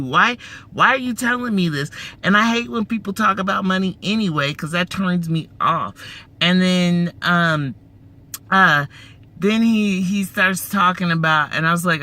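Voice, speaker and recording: A man casually telling a story to his viewers, animated and profane, with slangy asides. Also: high-pitched, moderate pace. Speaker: vlogger.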